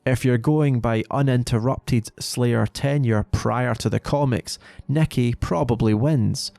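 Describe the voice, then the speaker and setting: A man narrating a lore video in a measured, explanatory way. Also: mid-range voice, gravelly, mellow, no room sound. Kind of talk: scripted narration.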